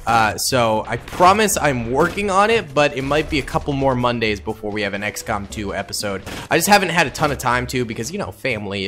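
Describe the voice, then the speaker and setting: A young man giving excitable, casual commentary over a battle game, with sudden loud outbursts and slang. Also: mid-range voice. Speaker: gaming YouTuber.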